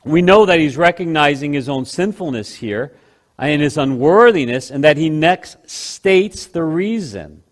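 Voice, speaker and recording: A man preaching a sermon, slowing down to stress key phrases and swinging between loud and hushed delivery. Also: a little high, lively intonation.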